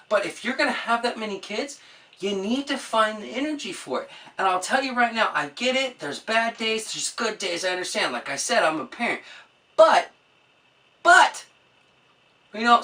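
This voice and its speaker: A woman's voice: fairly high pitch, bright, forceful tone, distant mic. A woman vlogger on an exasperated, profanity-laced comedic rant. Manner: exasperated, swears a lot.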